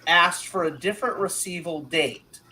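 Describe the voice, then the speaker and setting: A man co-hosting a podcast chat in an animated, storytelling way, often checking in with his listeners. His voice sits a bit high for a man, with a faint noise under it. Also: moderate pace, low-quality recording. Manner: animated, repeats "you know what I mean". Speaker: podcast co-host, comic creator. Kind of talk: casual chat.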